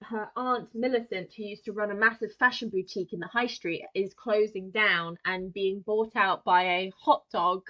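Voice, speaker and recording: A young woman co-hosting a film podcast in casual chat, bubbly and quick to laugh, often acting out lines. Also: medium pitch, steady tone, a bit bright, lo-fi sound. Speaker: podcast co-host.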